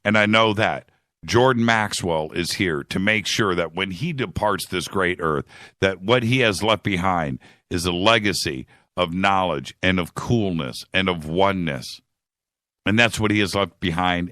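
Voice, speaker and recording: A man's voice: sits low, expressive, measured pace, a bit bright, no room sound. Guy hosting a radio show, emotional rant, keeps restarting sentences, dry close sound. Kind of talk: heartfelt monologue.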